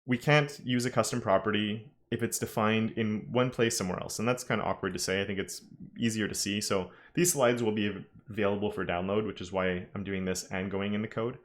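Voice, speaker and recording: A man's voice: fairly low pitch, fairly even intonation, a little fast. A man teaching a live-streamed coding lesson, talking casually and thinking aloud with frequent self-corrections. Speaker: web development instructor.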